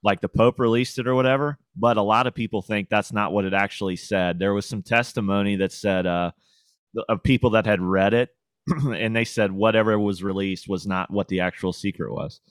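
A man's voice: on the low side, fairly even intonation, fairly quick, smooth, no echo. A man co-hosting a casual podcast chat, asking eager questions and reacting to the story. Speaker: podcast co-host.

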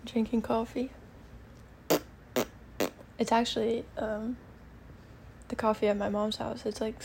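Slow, gravelly-voiced woman rambling. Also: a little high, dark tone, slight background noise. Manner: meandering, casual, thinks aloud with many fillers. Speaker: podcast host. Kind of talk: rambling solo podcast chat. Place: bedroom at her mother's house.

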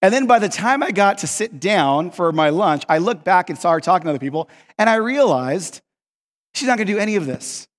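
A male pastor preaching a sermon, animated and self-mocking, acting out the people in his stories. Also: high-pitched, fairly quick. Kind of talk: sermon with comic storytelling. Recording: long reverb of a large hall.

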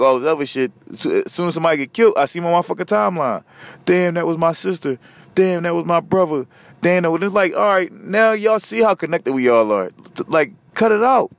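A man hosting a podcast, ranting casually and profanely, veering from loud outbursts to low muttering. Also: creaky, no room sound. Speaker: podcast host. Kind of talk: casual solo rant.

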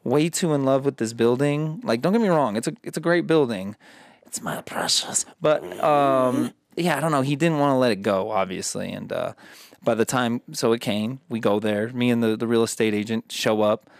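A man telling a story in a casual, profane, animated way, acting out quotes as he goes. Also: medium pitch, moderate pace, no echo, studio quality.

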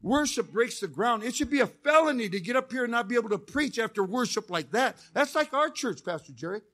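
Male chaplain, fiery call-and-response preacher, high voice, folksy and joking. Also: lively intonation, a little fast, sharp tone. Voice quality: folksy storytelling with jokes. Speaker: chaplain preaching as guest speaker. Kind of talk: sermon.

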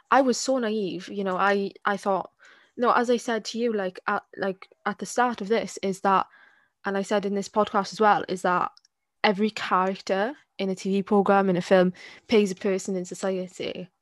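Woman, podcast co-host, casual discussion, mid pitch, frequent restarts, dry close recording. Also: fairly even intonation, normal speed, dry recording. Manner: hesitant, repeats words, frequent "you get what I mean".

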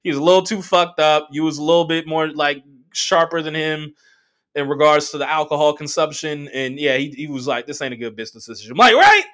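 Male comic host, high and bright voice, animated storytelling, laughs through his lines. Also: brisk. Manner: animated, laughing, swearing, acting out quotes. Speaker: comedian podcast host. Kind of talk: casual storytelling monologue.

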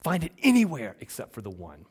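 A male pastor preaching a sermon, asking rhetorical questions and swinging between loud emphasis and hushed, slowed lines. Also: fairly high pitch, huge pitch swings, slightly rough. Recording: long reverb from a large hall.

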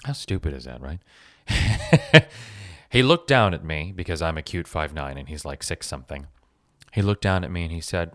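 A man from Los Angeles telling a personal story in an animated, self-mocking way, swearing freely. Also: sits low, moderate pace, no room sound, clean studio sound.

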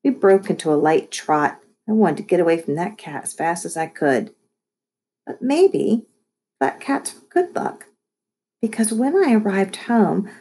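A woman reading a children's chapter book aloud, lively storytelling with voiced asides. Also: lowish voice, slightly rough. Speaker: audiobook reader.

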